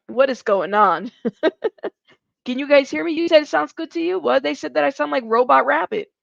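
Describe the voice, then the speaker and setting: A woman hosting a live true-crime commentary stream, chatty and animated, laughing between lines, heard through a home streaming mic. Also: high voice, moderate pace, vocal fry, no room sound, soft background music. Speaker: livestream host. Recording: dull lo-fi stream mic audio.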